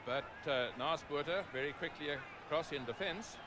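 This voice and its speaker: Man, middle-aged, rugby play-by-play commentator, fairly high voice, noisy old broadcast. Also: normal speed. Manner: rises to excited shouts at big moments, calm for background facts.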